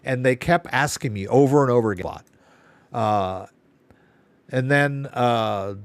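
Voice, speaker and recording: A man's voice: mid-range voice, measured pace, clean tone, no echo. A man hosting a live Q&A stream, telling a rambling story with exasperated asides. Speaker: live Q&A host. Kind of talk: casual live-stream chat.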